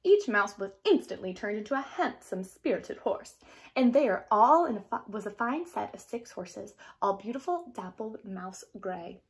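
Expressive woman reading aloud. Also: mid-range voice, moderate pace. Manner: expressive storytelling. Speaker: storyteller. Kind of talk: children's read-aloud.

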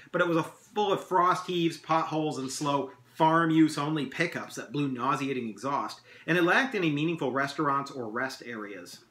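Man narrating his novel, echoey room. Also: medium pitch. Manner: steady storytelling narration. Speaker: English teacher. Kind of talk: reading his own novel aloud.

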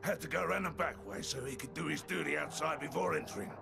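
A man voicing a disguised fixer who puts on a bossy English gentleman act in a video game, with a put-on English accent. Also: a little high, fast, over music, voice pushed up. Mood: gruff. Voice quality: gravelly, bossy, barking orders. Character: disguised male fighter-fixer posing as a gruff English gent.

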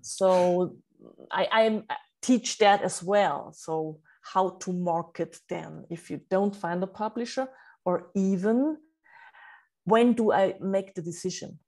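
A woman's voice: mid-range voice, slow pace, dark tone. A woman from Austria with a German accent, a writing coach answering interview questions and sometimes searching for English words. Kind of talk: podcast interview.

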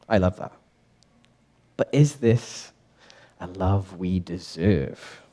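A young man teaching a Bible passage to a church group in a casual, lively way, asking the audience questions and correcting himself as he goes. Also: deep voice, slow pace, long pauses. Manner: lively, chatty, quizzes the audience, self-correcting. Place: church meeting room.

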